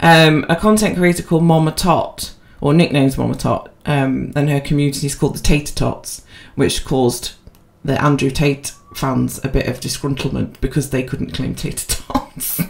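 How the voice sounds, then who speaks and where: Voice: mid-range voice, fairly even intonation, moderate pace, gravelly, hardly any pauses. Rambling casual podcast co-host. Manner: rambling, self-deprecating, with many fillers and restarts. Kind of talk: casual chat.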